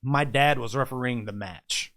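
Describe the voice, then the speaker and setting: A man's voice: mid-range voice, normal speed, a bit bright. A man telling a story in a casual podcast chat, acting out the scenes with quoted voices and sound effects, and often laughing as he talks. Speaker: podcast guest, independent wrestler.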